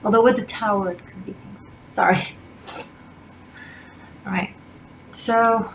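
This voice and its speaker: A woman's voice: mid-range voice, steady tone, takes it slowly, pauses often, a little hiss or hum, low-quality recording. A woman doing a tarot reading to camera, talking in a gushing, rambling way with many restarts. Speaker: tarot reader. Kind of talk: casual spiritual reading to camera.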